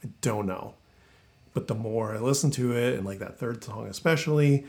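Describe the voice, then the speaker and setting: A man hosting a podcast in a casual, laid-back chat, often trailing off into drawn-out fillers. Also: mid-range voice, a little mellow. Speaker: podcast host.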